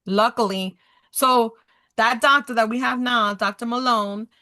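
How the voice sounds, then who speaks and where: Woman, 30s, bright clear voice, casual storytelling, animated, mimics dialogue. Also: on the high side, a little slow. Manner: animated, acts out quoted dialogue, talks with her hands. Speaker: podcast guest.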